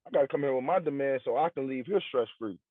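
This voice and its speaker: A man's voice: mid-range voice, quick pace, no echo. A man co-hosting a podcast in casual chat, talking bluntly and emphatically with heavy slang and swearing. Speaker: podcast co-host. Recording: tinny, dry lo-fi sound.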